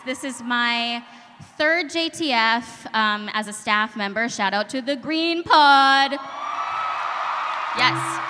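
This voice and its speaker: A woman's voice: on the high side, background noise. Joking woman with a Boston accent. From Boston, Massachusetts. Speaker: actor, panelist. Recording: reverberant hall with faint ambience.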